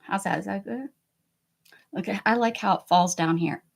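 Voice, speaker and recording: A woman hosting a casual art livestream from home, chatty and self-mocking, laughing often and muttering softly to herself as she works. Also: mid-range voice, moderate pace, creaky. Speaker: art channel host.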